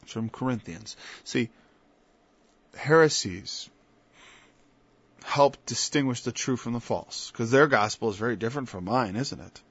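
A man's voice: medium pitch, a little slow, pauses often, a bit bright, husky, no room sound. A man preaching an informal Bible-study sermon. He talks conversationally, stops and restarts, then builds to emphatic peaks. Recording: dull lo-fi dry recording.

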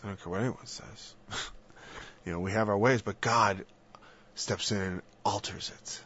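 A man talking earnestly about faith in a rambling, halting casual discussion, sometimes dropping to a soft whisper. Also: fairly low pitch, steady tone, husky. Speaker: Christian speaker. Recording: dull lo-fi dry recording.

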